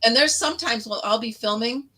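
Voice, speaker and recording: A middle-aged woman from upstate New York chats casually as host, her voice a little high. She tells stories full of quoted voices and breaks into laughter often. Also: a little fast, sharp tone. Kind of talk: casual chat.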